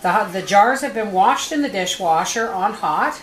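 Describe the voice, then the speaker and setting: A woman's voice: mid-range voice, animated, measured pace, few pauses. Chatty folksy woman demonstrating in her kitchen. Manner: chatty and folksy, talks through each step. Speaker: homestead vlogger demonstrating food preservation.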